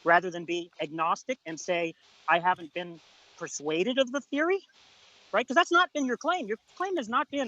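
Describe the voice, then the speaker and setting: A high, animated male voice hammers the same question again and again, cutting in and lecturing without pause. His tone is bright and sharp. The sound is dry, with almost no room around it, as on a video call. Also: no echo, lo-fi sound. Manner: insistent, repetitive, interrupting, lecturing. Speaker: debater. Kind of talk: heated debate on an online call.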